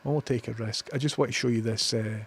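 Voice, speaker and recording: A man's voice: medium pitch, steady tone, fast, slightly rough. Sweary Glaswegian man streaming live. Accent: Scottish, Glaswegian. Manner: sweary, opinionated, chatty. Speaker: livestreamer. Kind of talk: casual live-stream chat.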